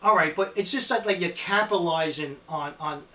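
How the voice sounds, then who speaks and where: A rambling, animated man with a New York accent, his voice pitched a little high. He sits back from the mic in a roomy space with a clear echo. He is a middle-aged vlogger on a casual rant. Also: brisk, distant mic. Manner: animated, rambling, frequent "right?" asides. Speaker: prepping vlogger. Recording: echoey room, speaker away from the mic.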